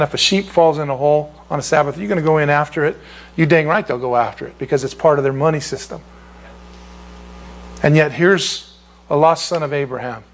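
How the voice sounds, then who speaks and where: Male pastor, husky, slightly high voice, sermon delivery with mocking character voices. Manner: acts out quoted voices in a high mocking pitch.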